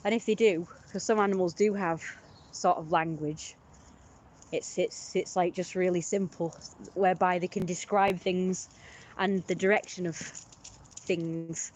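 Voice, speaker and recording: A woman's voice: on the low side, steady tone, unhurried, darkish tone, a little hiss or hum. Rambling opinionated British woman. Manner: rambling and opinionated, mocks others in put-on voices. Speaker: livestreamer. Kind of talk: casual opinion rant.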